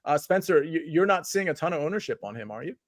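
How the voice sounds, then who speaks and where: A man's voice: on the high side, animated, quick pace, dry recording, clean studio sound. A man hosting a casual live sports chat, rambling with many filler words and restarts. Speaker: podcast host.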